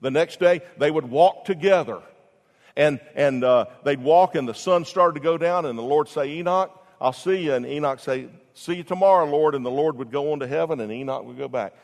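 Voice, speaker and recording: A man preaching a sermon as pastor, rising loud for emphasis and dropping low, often restarting his phrases. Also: fairly quick, creaky, big-room sound.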